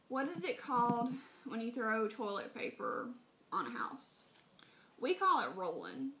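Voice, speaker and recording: A young woman talks into her phone in a chatty Southern Mississippi accent, her voice sitting a little high. The room is echoey, with a faint hiss underneath. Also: huge pitch swings, fairly bright tone. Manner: chatty, quick, reads word lists aloud. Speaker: vlogger. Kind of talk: casual accent tag vlog.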